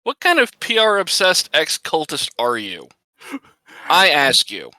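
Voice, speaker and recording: A man's voice: on the high side, wildly swooping pitch, a little slow, pushed and bright, no room sound. A man, a tabletop game player, ribbing the others in casual joking chat.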